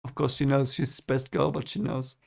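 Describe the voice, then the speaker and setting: A man's voice: medium pitch, level tone, brisk, gravelly. A man chatting casually on a stream as he reads webcomics, rambling enthusiastically with lots of fillers and repeated words. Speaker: streamer reading webcomics aloud.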